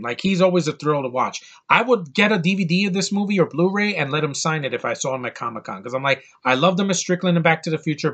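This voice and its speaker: A man's voice: fairly high pitch, a bit bright. A man giving a casual, rambling spoken film review, enthusiastic and full of restarts. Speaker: movie reviewer.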